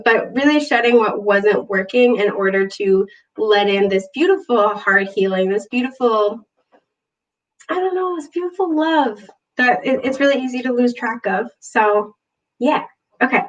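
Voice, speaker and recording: A woman giving a casual tarot reading, bubbly and gushing, chatty with lots of fillers, clearing her throat from allergies. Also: mid-range voice, recorded from a distance, dull audio. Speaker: tarot reader. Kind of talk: casual spiritual reading to camera.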